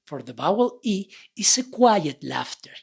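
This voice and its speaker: A woman's voice: medium pitch, big pitch swings, gravelly, a little mellow, breathy edge. A woman teaching a Spanish lesson, a native Spanish speaker, who draws out each vowel for listeners to repeat. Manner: drawn-out modeling of vowel sounds for repetition. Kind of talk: slow, clear language lesson.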